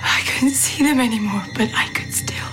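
A woman's voice: on the high side, moderate pace, natural voice. A woman playing a whispering haunted bride. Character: haunted young bride, frightened and possessed. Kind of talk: horror film dialogue. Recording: film clip from a distance, with scary music. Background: scary music.

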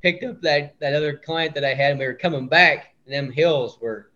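A man's voice: fairly high pitch, normal speed, bright, forceful tone. Laid-back man on dull audio. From Iowa. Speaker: hunting outfitter guest. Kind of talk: casual chat.

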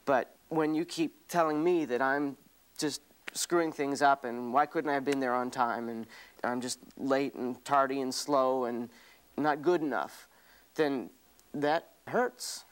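Halting, pleading man in counseling. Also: medium pitch, fairly even intonation, smooth. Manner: halting, repeats words, pleading. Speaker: workshop participant. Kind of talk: emotional confrontation exercise. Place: counseling seminar room.

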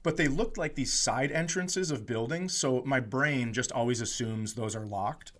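A man's voice: mid-range voice, normal speed. A middle-aged man from Minnesota co-hosting a casual comedy chat, telling a story with lots of swearing. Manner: storytelling, swearing, slips into mock accents. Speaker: podcast co-host.

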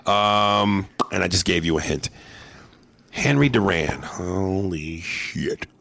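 A comedian hosting his podcast tells animated, casual stories and swears freely. His low, gravelly voice has a bright, forward edge, and he talks a little slowly; the sound is dry and close to the mic with no echo.

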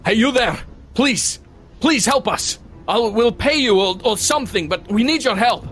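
A man voicing a desperate young nobleman who shouts pleas for help from a window. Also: extremely high pitch, lively intonation, normal speed, faint music behind, pitched above the performer's own voice. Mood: desperate pleading.

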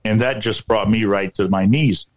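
A man working as a paranormal researcher tells a personal story in a halting way, often repeating himself and filling gaps with "you know". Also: on the low side.

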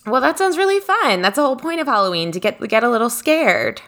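Bright-voiced giggly woman host. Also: a little high, big pitch swings, quick pace. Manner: laughs often, upbeat and teasing. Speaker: podcast host. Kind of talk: casual chat.

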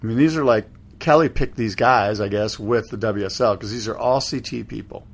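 A man's voice: on the low side, a little fast. Man co-hosting a podcast, playful. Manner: playful, teasing, quizzes his co-host. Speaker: podcast co-host. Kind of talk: casual chat.

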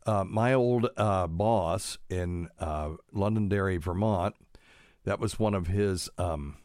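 A man's voice: low-pitched, slow, a little mellow, no room sound, studio quality. A man hosting a casual solo podcast, rambling and chatty, stopping to fuss over word usage. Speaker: podcast host, doctor.

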